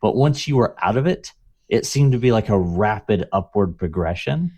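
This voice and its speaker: A man's voice: on the low side, animated, moderate pace, dark tone. A man co-hosting a podcast in casual chat, explaining history in rambling detail with many fillers. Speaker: podcast co-host.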